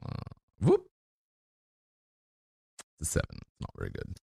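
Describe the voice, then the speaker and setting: A man playing a tabletop game, halting and jokey, with lots of fillers. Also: mellow. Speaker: player.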